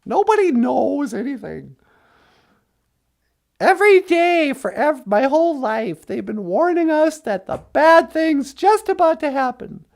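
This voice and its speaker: A man voicing a cheery, brisk female talk-show host on a puppet comedy podcast. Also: very high voice, big pitch swings, vocal fry, darkish tone, heavily acted. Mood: chirpy. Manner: cheery and brisk, gives advice.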